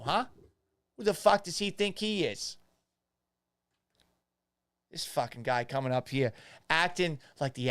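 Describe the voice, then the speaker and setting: A man doing a hot-headed Boston sports fan, ranting in a heavy Boston accent. The voice rides high and loud with a smooth, clear tone. The room sound is dry and close. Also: no room sound. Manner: ranting, swearing, belligerent.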